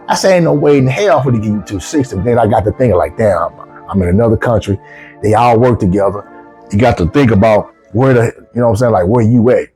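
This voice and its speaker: A man with features, casually telling a travel story as a vlogger, swearing freely and jumping up in pitch when he quotes himself. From United States. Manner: animated, profane, rises sharply when quoting himself.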